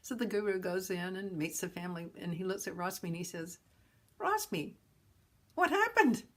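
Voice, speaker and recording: A woman hosting a talk on suffering, telling a parable in a gentle, folksy way. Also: fairly low pitch, little pitch movement, quick pace. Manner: gentle, folksy storyteller with chuckles. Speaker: host and teacher of a philosophy of ease.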